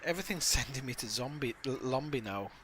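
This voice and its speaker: A man's voice: medium pitch, expressive, fast, noisy background. A man giving casual, rambling commentary while playing a space game, chatty and prone to swearing. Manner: rambling, chatty, swears, bursts into loud shouted impressions. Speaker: game streamer. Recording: loud game music behind.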